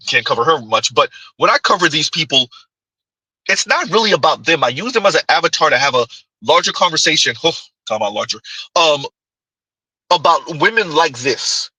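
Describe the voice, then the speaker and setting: A man hosting a laid-back stream reacts to clips, giggling and mocking as he goes. His voice is high and very bright with a husky edge. The recording is close, dry, and of poor quality.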